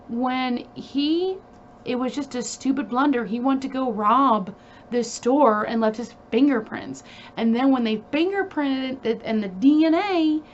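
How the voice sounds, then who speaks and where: A woman's voice: a little high, dull audio, slight background noise. A woman hosting a casual true crime video, talking in a chatty, emphatic way with frequent fillers and asides.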